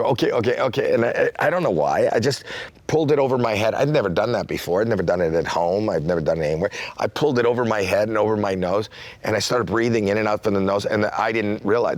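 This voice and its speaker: A man in his sixties from Canada, a comedian telling a story in an interview and acting out quotes with sudden jumps in pitch. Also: no room sound. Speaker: comedian guest.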